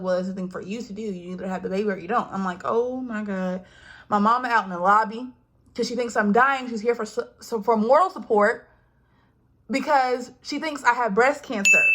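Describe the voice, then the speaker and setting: A young woman, telling a personal story in casual vlog style, acting out quoted voices and dropping to hushed asides. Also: fairly high pitch. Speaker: vlogger.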